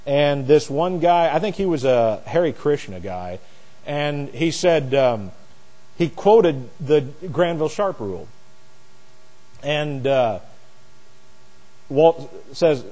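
A man teaching a sermon verse by verse, booming on key phrases and dropping low for asides and stories. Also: animated, measured pace. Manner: swings from loud emphatic preaching to quiet asides; explains Greek words, tells anecdotes. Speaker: preacher. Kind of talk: expository Bible teaching. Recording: long hall reverb.

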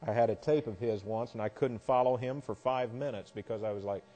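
A man's voice: on the low side, fairly quick, warm tone. A man teaching a Bible class lecture, explaining verses step by step with wry asides. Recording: long hall reverb.

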